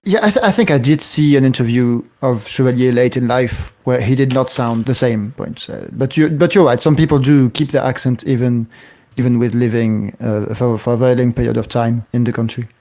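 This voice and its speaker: A man's voice: mid-range voice, fairly quick, mellow. A man co-hosting a casual film-discussion podcast who keeps checking in with his listeners through tag questions. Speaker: podcast co-host.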